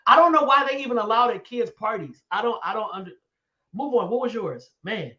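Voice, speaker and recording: A man hosting a live talk show, telling stories with excitement and quick laughs. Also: high voice, lo-fi sound. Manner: excitable storyteller, laughs often, dramatic about fears. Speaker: show host. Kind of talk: animated live-stream chat.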